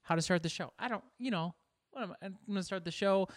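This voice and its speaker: Alone on his podcast, a man rambles casually about himself, self-deprecating and swearing freely. He talks fast in a high-pitched voice. The recording is studio quality with no room sound.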